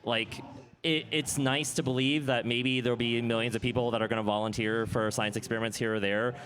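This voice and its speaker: A man's voice: mid-range voice, fairly bright tone. Man musing on a conference panel. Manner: thoughtful, repeats words when starting. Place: conference hall.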